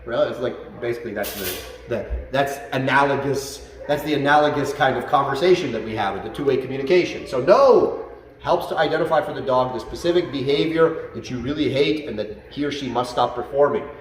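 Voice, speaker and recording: A man's voice: mid-range voice, a little fast, far from the mic. A man teaching dog training, explaining commands and acting out how he tells dogs off, recorded in a training facility. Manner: animated, acts out commands to dogs in a loud excited voice. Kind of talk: instructional talk. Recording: echoey room, away from the mic.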